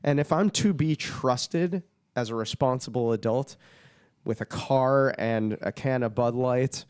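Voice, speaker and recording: A man's voice: medium pitch, unhurried, a little mellow, clean tone, no room sound, clean studio sound. A man, a touring musician and podcast guest, making his case in long, earnest runs of casual talk.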